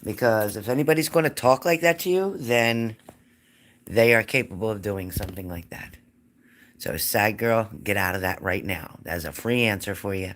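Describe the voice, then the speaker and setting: A woman's voice: extremely low pitch, moderate pace. A woman hosting a live psychic reading stream, chatting casually and greeting viewers by name.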